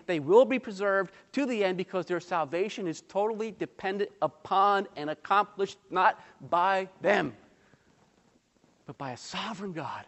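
A man preaching a sermon in a high, light voice that rings out with a long hall reverb. He presses his points with emphatic rhetorical questions to the congregation and slips in light humorous asides. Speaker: pastor.

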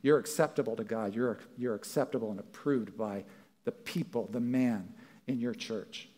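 Preaching a church sermon, this man speaks with a mellow, mid-range voice at a moderate pace. His manner is conversational, and he voices the lines people might say.

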